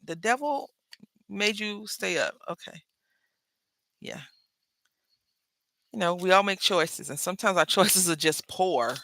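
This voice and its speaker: A woman talks through a crafting project in a bright, forward voice, swinging her pitch up and down as she chats. She drifts into rambling asides to her viewers. The sound is close and dry, with no room echo. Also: expressive, measured pace, pauses often. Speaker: crafting channel host. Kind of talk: casual crafting tutorial chat.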